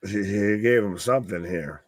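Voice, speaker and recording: A man's voice: fairly low pitch, moderate pace, no echo. A man co-hosting a live wrestling watch-along, swearing heavily and trailing off mid-sentence in exasperation. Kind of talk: profane live commentary chat.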